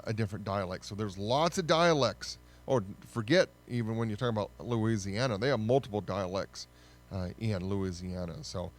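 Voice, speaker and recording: Casual male history lecturer, faint music. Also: mid-range voice. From United States. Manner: conversational, with frequent fillers and self-corrections. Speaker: history teacher.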